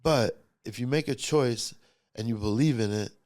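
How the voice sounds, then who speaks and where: A man's voice: mid-range voice, normal speed, darkish tone. A middle-aged man, a podcast guest, telling his personal story in a blunt, profane and emotionally charged way.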